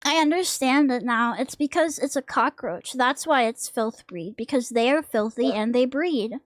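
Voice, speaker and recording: A woman's voice: high-pitched, moderate pace, no room sound. A young woman streamer chatting casually while she draws, rambling and joking crudely. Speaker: vtuber streamer.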